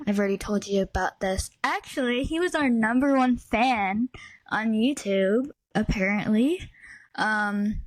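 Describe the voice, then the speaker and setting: A woman's voice: medium pitch, a little slow, no echo. A woman in her twenties from the Midwestern US, co-hosting a podcast in casual chat, telling stories animatedly and saying "like" a lot. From Midwestern United States. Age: 20s. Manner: animated storytelling, heavy use of "like". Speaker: podcast co-host.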